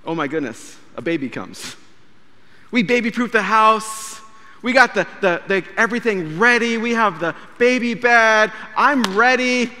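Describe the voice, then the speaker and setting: A man in his thirties, a pastor, preaching a sermon and telling a story, acting out quoted dialogue with animated delivery. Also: sits high, moderate pace, long reverb tail. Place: church sanctuary.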